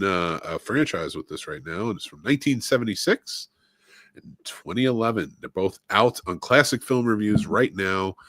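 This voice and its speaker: Clean, dry studio audio captures a lowish-voiced man co-hosting a film podcast. He chats casually and enthusiastically, listing things off and stopping often for "uh."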